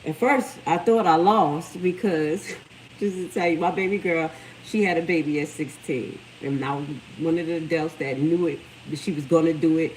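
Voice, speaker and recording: A middle-aged woman speaks, her voice sitting slightly low as she hosts a casual livestream. She tells stories with animated energy. A faint background noise sits under the recording. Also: normal speed, rough recording. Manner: animated storytelling, lively quoted voices. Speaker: livestream host.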